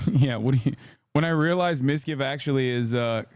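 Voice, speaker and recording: A man's voice: mid-range voice, normal speed, darkish tone, smooth, no echo. A man giving casual live-stream reaction commentary, exasperated and conversational with frequent cursing, close to the mic.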